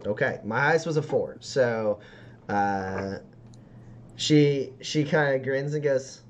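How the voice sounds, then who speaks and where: A man narrating a tabletop game as game master, with halting descriptions full of fillers. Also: mid-range voice.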